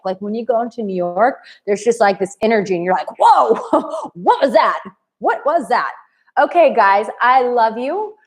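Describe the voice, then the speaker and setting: A woman in her late thirties, a dating coach talking in a live stream, blunt and effusive as she reads viewers' comments aloud. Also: on the high side. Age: 30s. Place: home in Bali.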